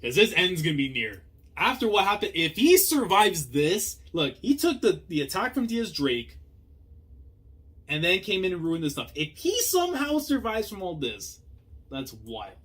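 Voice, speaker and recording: A young man hosting a manga reaction, talking casually in slang and swinging between low muttering and loud outbursts. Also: big pitch swings, moderate pace, breathy edge.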